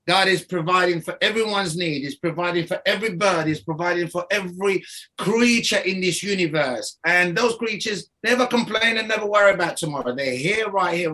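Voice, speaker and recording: A man's voice: high-pitched, pushed and bright. A man speaking as a guest, telling his story in a rambling, casual way, often restarting and laughing.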